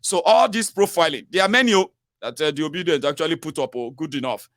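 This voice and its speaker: A Nigerian man hosts a political call-in show, his voice sitting fairly high and sounding dry and close. He talks urgently in loose, repetitive runs, with lots of "uh" and tags like "oh" and "sure you get". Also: fast talker, a bit bright, dry recording. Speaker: talk show host.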